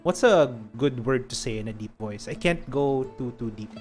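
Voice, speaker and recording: A man's voice: medium pitch, expressive, normal speed, darkish tone, soft background music. A man with a Filipino accent chatting casually while streaming a game, rambling and laughing often.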